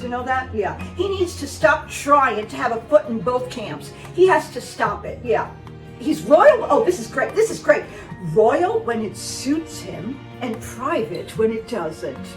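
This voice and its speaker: A woman's voice: high voice, fairly bright tone. A woman vlogger giving casual, sarcastic commentary, scolding and repeating words for emphasis. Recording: roomy sound, distant mic, faint music.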